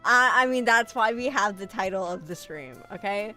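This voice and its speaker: Lively, animated woman streamer. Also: medium pitch, normal speed, faint music behind. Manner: animated, swearing, self-mocking, reads chat aloud. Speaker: VTuber streamer. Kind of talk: casual live-stream chat.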